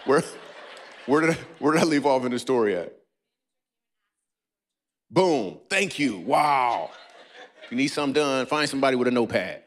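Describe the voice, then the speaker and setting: A man's voice: expressive, moderate pace, long pauses. A man doing a stand-up comedy set on a church stage, riffing playfully with a live audience. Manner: playful, riffing with the audience, breaks into squeaky and goofy voices.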